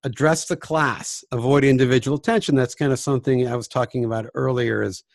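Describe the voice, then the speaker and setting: A man's voice: medium pitch, fairly even intonation, a little fast, vocal fry, dry recording, clean studio sound. A man, a music teacher, giving a casual talk on classroom behavior, chatty and self-deprecating. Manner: chatty and self-deprecating, often demonstrating by dropping to a hushed voice. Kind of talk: casual instructional talk with acted classroom examples.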